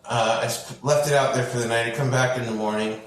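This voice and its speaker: Male podcast host, lively storyteller who acts out every voice; roomy, distant recording. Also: fast talker, slight background noise. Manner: acts out voices with big swings in pitch. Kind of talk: animated storytelling in casual chat. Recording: roomy and off-mic.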